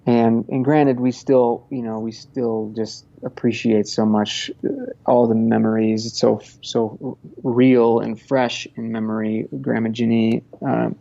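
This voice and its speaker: A man's voice: medium pitch, level tone, unhurried, gravelly, mellow, muffled recording. A man in his thirties from Montana, a podcast guest talking casually, rambling with many restarts and frequent laughs. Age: 30s. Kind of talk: casual conversational interview.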